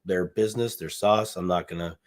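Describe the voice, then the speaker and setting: A man co-hosts a casual live chat about money, his voice sitting a bit low. He rambles, repeats words as he restarts his thoughts, and leans on easygoing slang. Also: steady tone, fairly quick. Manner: casual slang, says dude and bucks. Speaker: podcast co-host.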